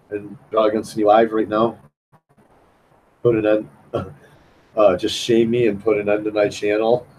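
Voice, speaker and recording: The audio has its highs cut off and a little hiss or hum as a lowish-voiced man chats on a live stream while he draws. Frustrated, he rambles and repeats himself, constantly saying "man."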